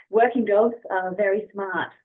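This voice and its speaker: A woman with an Australian accent, a podcast guest talking about her dog in a friendly, enthusiastic way. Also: mid-range voice. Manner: friendly, enthusiastic, soft-spoken. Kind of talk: casual interview chat. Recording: phone-like remote call audio.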